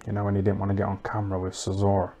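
A man doing a rambling comic monologue, deadpan and crude, mocking people and tacking "innit" and "you know what I mean" onto his lines. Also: low voice, rapid-fire. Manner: deadpan, crude and mocking, full of tag questions. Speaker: comedic livestream host.

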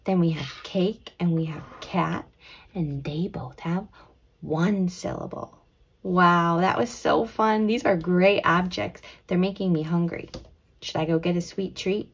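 A young woman leads a children's letter lesson in a slow, unhurried way, her voice soft and breathy. She stretches her words gently and now and then slips into a whisper. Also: fairly low pitch. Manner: gentle, drawn-out, dips into whispers. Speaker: kids' teacher.

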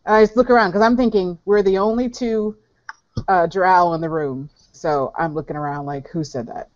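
Low-voiced woman chatting at a game table. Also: fairly even intonation, moderate pace, a little mellow, no room sound. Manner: rambling, laughing often. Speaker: player. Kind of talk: casual game chat. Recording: muffled dry online voice chat.

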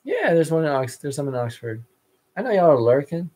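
A man talks straight to his viewers in a loose, rambling rant. He swears constantly and jumps between thoughts. His delivery lurches from quiet muttering to abrupt bursts. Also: fairly high pitch, big pitch swings, brisk. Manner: profane, erratic, drifting between mumbles and outbursts. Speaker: vlogger.

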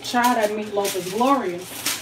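A woman's voice: mid-range voice, a little slow, noisy background. A young woman, chatting casually to her viewers while showing her home cooking, full of exclamations. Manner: animated, exclaims "child, honey" often. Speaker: cooking vlogger.

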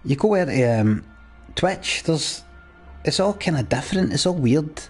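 A man's voice: fairly high pitch, animated, moderate pace, a little mellow, breathy edge, faint music behind. A young man live-streaming a game, chatting casually and ranting at his viewers with plenty of swearing. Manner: sweary, ranting at chat in a mock-exasperated way.

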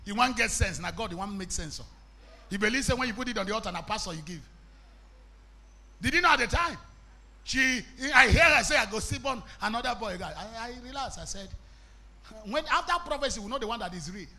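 A Nigerian man preaching a fiery sermon in a very high, piercing voice. He talks in a sharp, forceful tone and often breaks into shouts. Some Pidgin phrases are woven into his English. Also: lively intonation, a little fast, long pauses. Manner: impassioned preaching, bursts into shouts, mixes in Pidgin. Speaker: evangelist.

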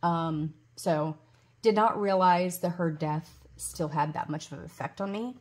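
Speaking at a measured pace in a lowish voice, this budgeting vlogger, a woman in her forties, rambles casually to her audience. Ums and false starts pepper her talk, and she gushes loudly whenever gifts come up.

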